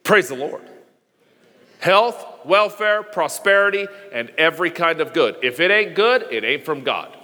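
A man preaching a sermon as pastor, emphatic and repetitive, chanting phrases and sometimes shouting. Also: on the high side, expressive, measured pace, long reverb tail. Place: church sanctuary.

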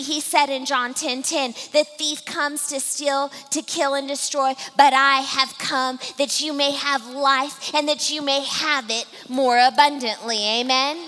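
A woman preaching a sermon to a live congregation, talking fast and addressing the listeners directly. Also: high voice, pushed and bright. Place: church hall with a live congregation. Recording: long hall reverb.

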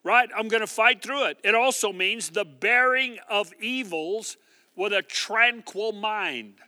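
Bright-voiced preacher man in a reverberant hall. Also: high-pitched, measured pace. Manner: emphatic, repetitive, call-and-response preaching. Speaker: pastor. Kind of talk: sermon.

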